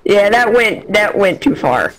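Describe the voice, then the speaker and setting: A man chatting casually while playing a game, joking around in a fairly high voice. Music plays clearly behind the chat. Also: big pitch swings, a little slow, poor audio. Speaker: gamer.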